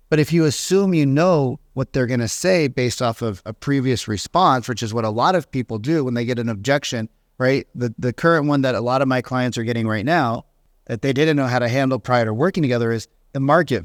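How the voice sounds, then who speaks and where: A man talks straight to his listeners like a sales coach, animated and blunt, and keeps slipping into quick mocking impressions of other people. His voice sits at an ordinary middle pitch. The sound is dry and close, with no room echo. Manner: animated, mimics agents and clients in quick bursts. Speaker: real estate sales coach. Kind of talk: casual motivational coaching talk.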